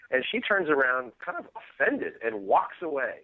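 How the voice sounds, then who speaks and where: Man guest, rambling story, phone-line sound, middle pitch. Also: very animated, moderate pace, hardly any pauses, dry recording. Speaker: podcast guest. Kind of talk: casual chat.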